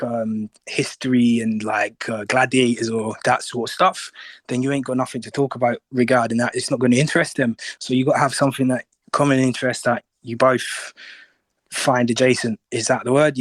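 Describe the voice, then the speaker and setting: A young man talks in a loose, rambling way and keeps checking in with "you know what I mean". His recording is dry, with no room echo. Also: mid-range voice. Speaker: caller in an audio chat room. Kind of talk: casual chat.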